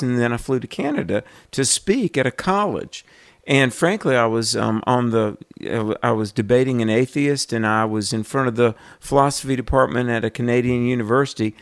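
A man's voice: mid-range voice, no room sound, clean studio sound. A male radio host making an earnest fundraising appeal and telling stories to rally listeners.

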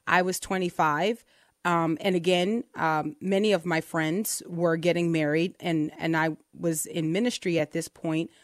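A woman's voice: fairly low pitch, steady tone, measured pace, no room sound, clean studio sound. A woman in her thirties co-hosting a faith podcast, telling her story in a reflective, earnest way. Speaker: co-host. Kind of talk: casual faith podcast conversation.

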